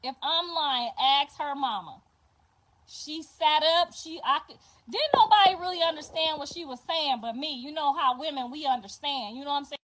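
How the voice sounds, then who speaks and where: An older woman with a high-pitched voice spins a story for her livestream viewers. She is animated and profane, repeating points for emphasis. Her talk is loose and casual. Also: moderate pace. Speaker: livestream host.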